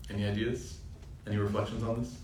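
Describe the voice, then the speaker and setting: Lively, joking young male Islamic teacher. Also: on the low side, fast. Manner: lively, jokey, asks the audience questions. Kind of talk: informal Quran reflection talk. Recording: roomy sound from a distant mic with faint ambient noise.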